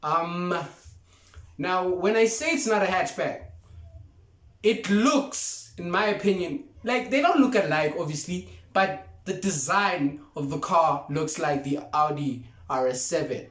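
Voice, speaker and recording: A young man chats through a casual car review, hammering his points home by repeating them and laughing along the way. His voice sits slightly high. The room gives a noticeable echo. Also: lively intonation, measured pace, a bit bright. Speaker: car vlogger. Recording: roomy echo.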